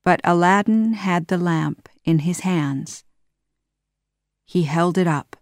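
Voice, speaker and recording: A woman reading a children's story aloud, slow and deliberate. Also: on the low side, no room sound, studio quality. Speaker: storybook narrator.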